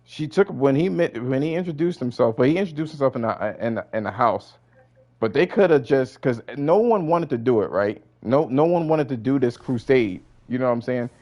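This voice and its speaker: A man's voice: mid-range voice, lively intonation, moderate pace, darkish tone. A man arguing heatedly in a casual debate, insistent and frustrated, swearing often.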